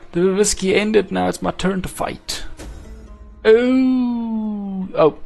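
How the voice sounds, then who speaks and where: A man casually commentating his own strategy game play, chatty and musing aloud, muttering numbers and slipping into quick silly voices. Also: fairly high pitch, creaky. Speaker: gameplay commentator.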